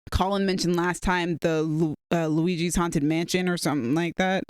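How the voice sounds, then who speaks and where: A man's voice: a little high, fairly even intonation, moderate pace, clean tone, no echo, studio quality. A man co-hosting a movie review podcast, chatting casually and enthusiastically, rambling with fillers. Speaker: podcast co-host.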